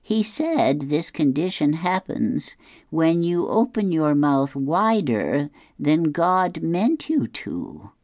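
A woman voicing a matter-of-fact older wife from a comic strip, calmly explaining. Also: sits low, slow pace, dry recording, clean studio sound, voice pushed up, full character voice.

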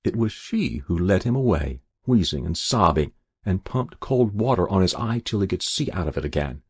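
A man narrating a story in an expressive, characterful way, with a husky voice. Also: deep voice, normal speed, no room sound, studio quality.

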